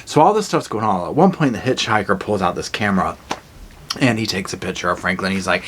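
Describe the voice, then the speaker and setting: A man giving a casual, animated horror movie review, retelling scenes with blunt, jokey asides. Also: low-pitched, brisk, a little hiss or hum. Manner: animated storytelling with acted-out quotes.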